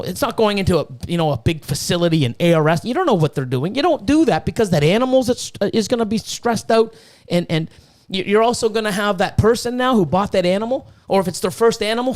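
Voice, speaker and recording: A man hosting a podcast, ranting heatedly with lots of swearing and stumbling restarts. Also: high-pitched. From Canada. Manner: heated, profane, full of restarts. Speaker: podcast host and snake breeder. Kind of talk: casual podcast rant.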